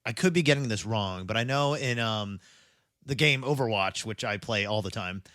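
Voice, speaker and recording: A man's voice: lowish voice, moderate pace, a bit bright, no room sound, clean studio sound. A young adult man co-hosting a podcast in casual chat, rambling, laughing often and poking fun at himself. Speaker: podcast co-host.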